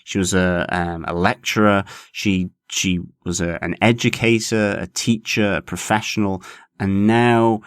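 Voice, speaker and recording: A man co-hosting a podcast about a TV series, talking in a measured way and stretching key words. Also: on the low side, level tone, clear, resonant tone, no echo, clean studio sound. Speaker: podcast co-host. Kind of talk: casual TV review chat.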